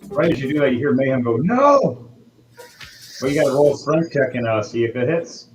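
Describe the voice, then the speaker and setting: A man running a tabletop game as game master, narrating scenes in a casual, lively way with asides. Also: medium pitch, fast, faint music behind, rough recording.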